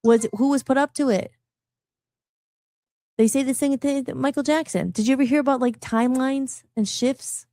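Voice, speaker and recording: A middle-aged woman musician hosting a live radio talk show, rambling and animated, often restarting her sentences. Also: high-pitched, moderate pace, dry recording, studio quality. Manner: animated, rambling, frequent restarts and self-interruptions.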